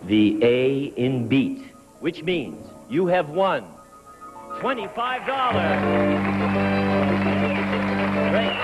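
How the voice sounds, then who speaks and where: A man hosting a 1970s television game show, upbeat and jokey, walking contestants through their stunts on a studio stage. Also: on the high side. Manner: brisk, jokey, giving instructions to contestants. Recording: 1970s TV studio with long reverb and music.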